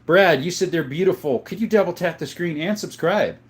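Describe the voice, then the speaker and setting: A man in his thirties from the US, chatting casually on a livestream, reading viewer comments and answering in a folksy, relaxed way. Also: a little high, brisk. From USA. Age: 30s. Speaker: gun collector livestreaming.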